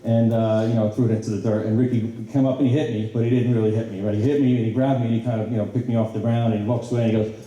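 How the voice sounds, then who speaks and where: Middle-aged man, banquet speech, dark mellow voice, heard from afar in a booming hall. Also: racing, hardly any pauses, highs cut off. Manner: animated storytelling with many fillers and restarts. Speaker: former player giving a banquet speech. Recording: very echoey hall from a distance.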